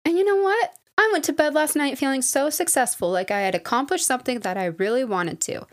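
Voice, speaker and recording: A woman's voice: high-pitched, animated, brisk. A young woman hosting her own podcast, chatting casually and rambling, with lots of "like" and "you guys" and self-deprecating asides. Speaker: podcast host. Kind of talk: casual solo podcast chat.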